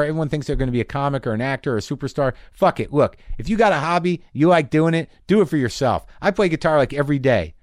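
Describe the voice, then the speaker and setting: A middle-aged man hosting a podcast from his garage, telling rambling stories in an animated way, swearing freely. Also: medium pitch, dry recording, clean studio sound. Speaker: podcast host. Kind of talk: casual monologue. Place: home garage.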